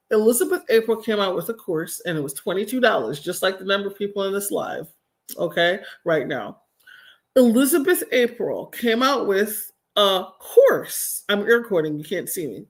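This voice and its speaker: A woman hosting a livestream, ranting in a blunt, profane, exasperated way. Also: mid-range voice. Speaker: livestream host. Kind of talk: casual ranting commentary.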